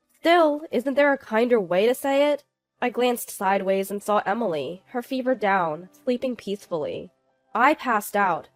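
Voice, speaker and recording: A woman narrating a personal family story in a calm, matter-of-fact, scripted first-person style. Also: medium pitch, dry recording.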